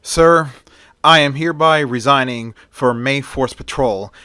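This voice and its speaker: Tired, clipped young cop with a bright voice, a man reading him. Fan story. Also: medium pitch, measured pace, smooth, dry recording, clean studio sound. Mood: weary. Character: weary, haunted male highway cop.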